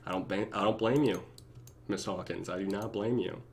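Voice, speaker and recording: A young man chatting casually on his own live stream, reading viewer comments and often breaking into laughter and goofy high voices. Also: steady tone, moderate pace, gravelly, slight background noise. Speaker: YouTube reactor.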